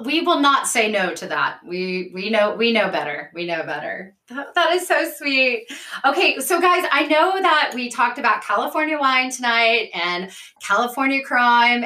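Woman podcast host, enthusiastic, slightly high and bright, echoey room. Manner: chatty and enthusiastic. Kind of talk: casual chat.

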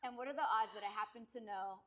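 A woman's voice: mid-range voice, fast, a crowd in the background. A woman co-hosting a podcast, playful and teasing, hyping what is coming next. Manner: playful teasing, hypes upcoming guests. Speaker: podcast co-host. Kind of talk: casual podcast chat.

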